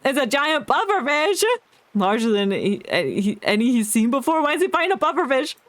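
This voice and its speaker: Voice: sits high, big pitch swings, moderate pace, fairly bright tone, no echo. A streamer giving casual gameplay commentary, joking and reading dialogue aloud. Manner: jokey, reads dialogue aloud, laughs often.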